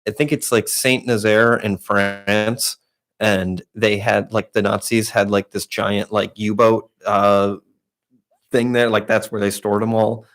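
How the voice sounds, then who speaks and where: In a lowish, steady voice at a moderate pace, this young podcast co-host spins a lengthy, rambling tale during casual conversation. It's thick with profanity, restarts and the filler word "like."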